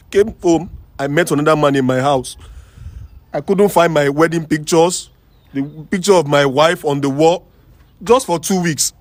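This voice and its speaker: A man with a voice on the high side appears as a guest on a talk show, sharing his personal story. He speaks emotionally and haltingly, repeating himself.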